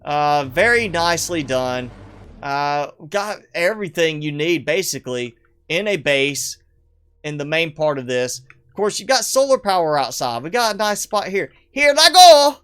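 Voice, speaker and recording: A chatty male game streamer with a smooth voice, on the high side and fairly bright, talks animatedly at a moderate pace. Showcasing player builds in casual live commentary, he rambles, jokes at his own expense, and chuckles often.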